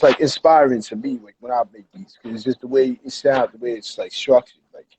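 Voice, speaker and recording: Husky-voiced hype man hosting. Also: medium pitch, darkish tone, poor audio. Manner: hyped, slangy, lots of "yo". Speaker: interview host. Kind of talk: casual livestream chat. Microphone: livestream.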